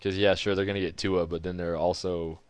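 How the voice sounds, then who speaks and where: A man's voice: low voice, level tone, fairly quick, clear, resonant tone, dry recording. A man hosting a casual sports radio show in a studio, a football quarterback who jokes and laughs often in loose, chatty talk.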